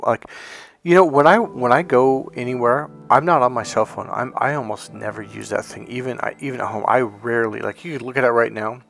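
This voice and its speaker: A man's voice: medium pitch, vocal fry, fairly bright tone. A man who works as a relationship coach, telling a story in a rambling, casual monologue with folksy asides.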